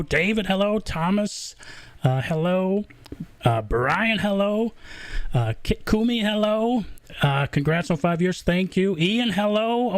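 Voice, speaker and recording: A man's voice: high-pitched, clear, resonant tone, no echo. A man from the American South with a Southern accent, hosting a casual livestream Q&A and chatting through it with lots of fillers and restarts. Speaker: host.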